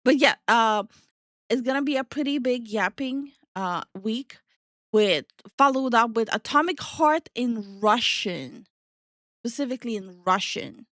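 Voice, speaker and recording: A woman's voice: a little high, lively intonation, unhurried, fairly bright tone, no room sound, clean studio sound. A young woman streaming live, chatting casually with her viewers and reading their messages aloud. She is playful, laughs often and swears offhandedly. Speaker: streamer and VTuber host.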